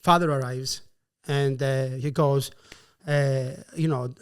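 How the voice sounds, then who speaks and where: A man from Greece, a guest comedian, improvising a story fast and animatedly and voicing the characters' lines. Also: mid-range voice, clear, resonant tone. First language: Greek. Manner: rapid, animated storytelling with voiced quotes.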